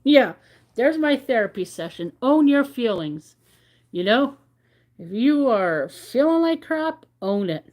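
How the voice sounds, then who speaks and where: A woman's voice: a little high, big pitch swings, slow, darkish tone. A woman hosting a crochet livestream, chatting candidly and rambling a little as she reflects and reads out comments from viewers. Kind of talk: casual chat with viewers.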